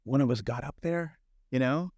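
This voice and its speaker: A middle-aged man, a film director guest, telling stories in casual, animated talk full of fillers and quoted thoughts. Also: medium pitch, moderate pace, dry recording, muffled recording. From San Francisco Bay Area. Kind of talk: casual conversational storytelling.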